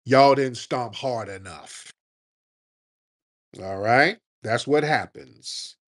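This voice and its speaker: A man hosting a talk radio show, ranting in a combative, mocking, animated way. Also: medium pitch, extremely slow. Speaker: radio host.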